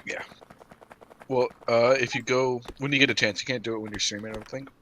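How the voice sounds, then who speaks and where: A man's voice: mid-range voice, fairly even intonation, a little fast, pushed and bright, slight background noise. A man chatting casually with friends, teasing and talkative. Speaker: game streamer. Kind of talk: casual group chat.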